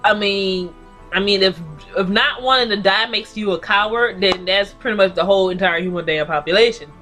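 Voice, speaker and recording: A woman's voice: mid-range voice, a little fast, fairly bright tone, soft background music. A woman giving a casual, blunt and profane recap of a TV episode, ranting about the characters. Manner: blunt, profane, sassy commentary. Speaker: TV recap reviewer.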